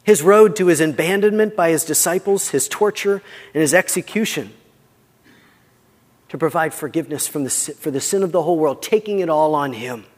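A man preaching a sermon as pastor, earnest and conversational, often dropping his voice quietly for emphasis. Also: on the high side, a little fast, long reverb tail.

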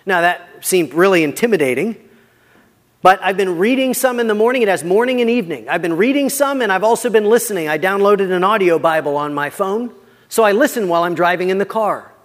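A man preaching a sermon as pastor, earnest and conversational, often dropping his voice quietly for emphasis. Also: sits high, expressive, brisk, long reverb tail.

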